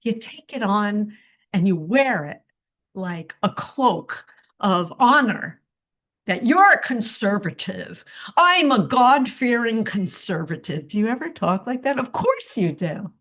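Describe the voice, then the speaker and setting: A woman hosts a religious podcast, lecturing listeners in a commentary monologue full of rhetorical questions and teasing asides, chuckling at her own remarks. Her voice is medium pitch, sing-song, slow, and a bit bright.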